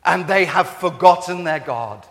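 A man voicing a fervent male preacher who addresses a crowd with slow, impassioned emphasis. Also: high voice, in a large hall, pitched above the performer's own voice.

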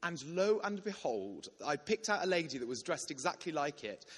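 A young man in his twenties preaching a sermon built around a personal story, told with animated energy and many restarts. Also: a little high, moderate pace, long reverb tail.

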